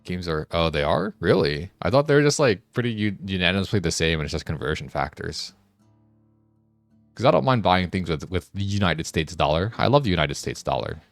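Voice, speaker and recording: A young man with a low, deep voice chats casually while streaming a game. He teases and jokes, often tripping over his own sentences. The sound is dry and close, with no room echo. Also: lively intonation, fairly quick, creaky, soft background music. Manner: joking, teasing banter with frequent restarts. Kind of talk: casual chat while gaming.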